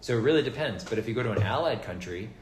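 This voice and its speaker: A man chatting casually as a podcast guest, rambling and turning animated when he mimics other people. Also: mid-range voice, rapid-fire. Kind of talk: casual chat. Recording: roomy echo with faint background noise.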